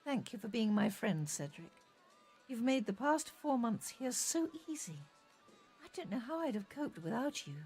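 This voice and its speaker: A woman voicing a soft-spoken, wistful teenage schoolgirl in an audio drama reading. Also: a little high, sing-song, moderate pace, soft background music.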